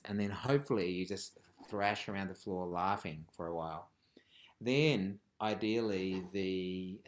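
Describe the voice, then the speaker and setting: A man teaching a live online rhythm class over a video call, playful and jokey, with frequent ums and laughs. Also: lowish voice. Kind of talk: live online group lesson.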